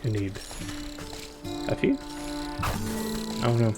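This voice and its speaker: A man hosting a game playthrough, talking in rambling, soft-spoken asides. His voice is mid-pitched and casual. Game music plays clearly behind him. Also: expressive, takes it slowly. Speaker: let's play host.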